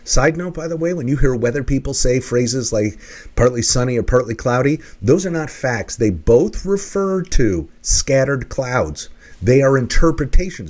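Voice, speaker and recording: An energetic male coach explains ideas step by step to camera. His voice sits mid-range but swings widely as he teaches, and he slips into quick character bits to make a point. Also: medium pitch. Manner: animated teaching, acts out examples in put-on voices. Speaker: leadership and workplace coach. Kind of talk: lecture-style explanation to camera.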